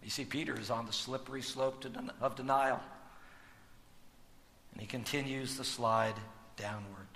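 A man's voice: medium pitch, steady tone, moderate pace, vocal fry, long pauses. Man preaching in a reverberant hall. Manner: dynamic, swings from hushed to loud emphatic preaching. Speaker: pastor. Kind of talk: sermon.

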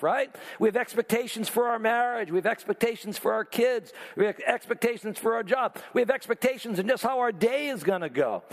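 Male pastor, sermon delivery, animated and expressive, high voice with wide swings. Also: gravelly, long reverb tail. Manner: animated, acts out listeners' reactions.

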